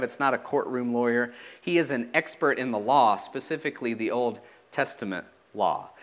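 A man's voice: mid-range voice, fairly bright tone. A man preaching a sermon in a teaching manner, asking rhetorical questions and letting his voice drop at the ends of phrases.

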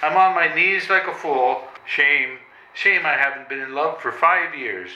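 A man's voice: fairly high pitch, measured pace, sharp tone, lo-fi sound. A man reading a comic play on stage before a live audience, pleading and stammering in a flustered way. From Canada. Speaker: reader in a readers' theatre comedy. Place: old train station hall with a live audience. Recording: roomy hall.

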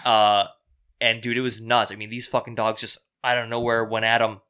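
A young man on a podcast telling a story in casual chat, profane and animated, acting out the people he quotes. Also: mid-range voice, normal speed, clear, resonant tone.

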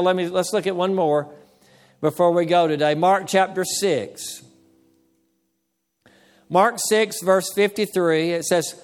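A man preaching a sermon as pastor, calling for amens and slowing down to stress key words. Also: high voice, long reverb tail.

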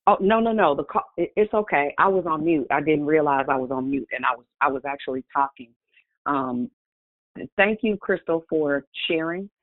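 A woman hosting a prayer call, speaking softly and affirming her callers. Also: deep voice, normal speed, dry recording. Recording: tinny phone line.

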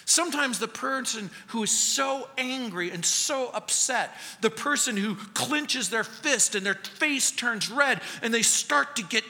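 A middle-aged man preaching a sermon as pastor, emphatic, swinging between loud and hushed. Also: extremely high pitch, lively intonation, measured pace, in a large hall. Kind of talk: expository sermon. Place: church sanctuary.

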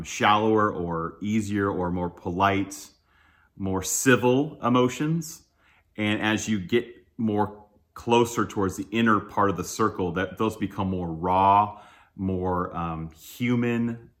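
A man in his thirties preaches in a relaxed, conversational way, as if talking with friends. He is candid and self-deprecating, laughs readily, and leans on lots of fillers. His voice sits a little low. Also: measured pace. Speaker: pastor. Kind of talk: casual sermon talk.

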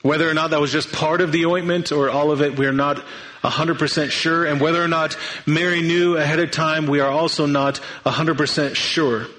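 A man's voice: fairly high pitch, steady tone, a little fast, a bit bright, rough recording. A man preaching a sermon, earnest and thinking aloud, sometimes restarting his sentences. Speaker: pastor.

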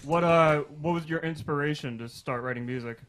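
A man hosting a casual call-in show, asking relaxed questions of a guest. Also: a little high, a little fast, slight background noise. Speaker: radio show host.

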